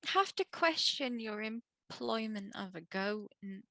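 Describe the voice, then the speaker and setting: A woman's voice: medium pitch, animated, slow pace, vocal fry, sharp tone, no echo. A woman playing a tabletop game, asking hesitant questions. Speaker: player.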